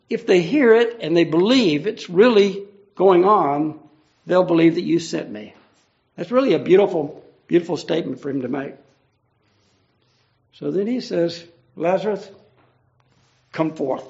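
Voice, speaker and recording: A man's voice: sits high, a little slow, creaky, pauses often, darkish tone. A man preaching an earnest, conversational verse-by-verse Bible teaching, explaining each passage. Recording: dull lo-fi recording.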